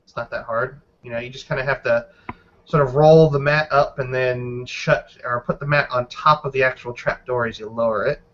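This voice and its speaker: A man's voice: mid-range voice, steady tone, moderate pace, a bit bright, dull audio. A man narrating a tabletop game as game master, describing scenes loosely with many hedges.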